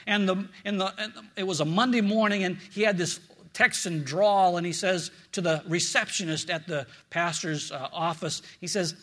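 Bright, high-voiced preaching man. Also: moderate pace. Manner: earnest, storytelling, repeats words, drops low for prayers. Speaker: pastor. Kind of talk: sermon.

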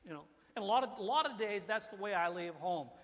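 An older male pastor delivers a casual, chatty sermon, his voice sitting a touch high for a man. He restarts phrases often as he talks, and his words ring out with a long reverb through the church sanctuary. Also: animated, quick pace, fairly bright tone. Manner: conversational preaching with frequent restarts.

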